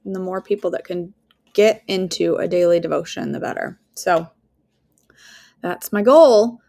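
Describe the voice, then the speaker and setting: Her voice sits lowish and sounds gravelly, and she never hurries. At home, she hosts a daily devotional and leads a prayer, earnest yet casual, warmly conversational and dotted with fillers and asides.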